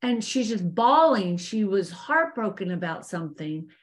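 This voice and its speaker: A middle-aged woman giving a faith-based leadership talk to women, earnest and animated, speaking to her listeners directly as ladies. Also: medium pitch, measured pace. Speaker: business coach teaching women.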